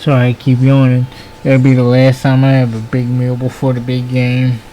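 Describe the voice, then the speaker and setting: A man's voice: mid-range voice, completely flat delivery, normal speed, warm tone, a little hiss or hum. A man live streaming a football watch-along, chatting casually and talking back at the TV as he thinks aloud.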